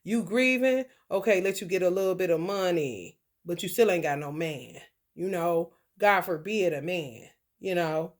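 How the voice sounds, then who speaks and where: A woman's voice: lowish voice, normal speed. Blunt, profane woman giving a tarot reading. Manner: blunt, profane, repeats phrases, laughs often. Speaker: tarot reader. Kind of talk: casual tarot reading rant.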